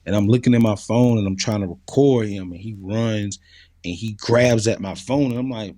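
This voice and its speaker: A man speaks in an interview, casual and earnest, often pausing on fillers. His voice sits low. The sound is dry and close. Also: warm tone, dry recording. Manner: earnest, conversational, many fillers. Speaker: interview guest.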